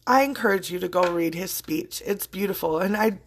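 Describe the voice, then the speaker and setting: An earnest woman podcast host talks straight to her listeners in a loose, motivational monologue, choked up with emotion but still heartfelt. Her voice is fairly low, brisk and husky, and she drops casual swear words along the way.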